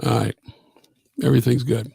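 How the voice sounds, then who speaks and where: A man's voice: mid-range voice, little pitch movement, normal speed, gravelly, warm tone, husky, dry recording. A middle-aged man, hosting a live gospel radio show in a folksy, rambling way with lots of fillers. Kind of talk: casual live-stream chat.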